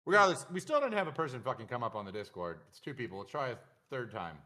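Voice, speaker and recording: A man's voice: mid-range voice, very animated, fast, bright, forceful tone. A man streaming his trading live, talking bluntly and arguing points in casual chat. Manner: blunt, argumentative, counts aloud while checking numbers. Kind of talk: casual livestream talk.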